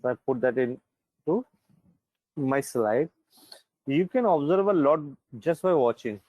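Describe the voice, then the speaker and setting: A man's voice: medium pitch, animated, measured pace, darkish tone, no echo, dull audio. Male teacher, dry sound. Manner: conversational, frequent "right?" and "you know". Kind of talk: online class lecture.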